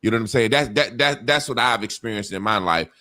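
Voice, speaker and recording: In a casual talk-show conversation, a middle-aged man speaks bluntly, rambling into asides and swearing often. His medium-pitched voice is fast and sharp-toned, with no room sound.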